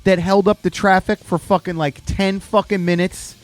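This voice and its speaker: A man's voice: sits high, flat delivery, normal speed, faint music behind. A man co-hosting a podcast, cutting in with blunt, crude joking threats. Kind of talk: casual chat.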